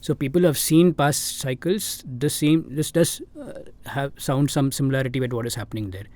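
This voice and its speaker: Indian man weighing investment views calmly. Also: medium pitch, moderate pace, no echo. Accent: Indian English. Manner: thoughtful, many fillers and restarts. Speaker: fund manager guest. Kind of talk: conversational interview answers.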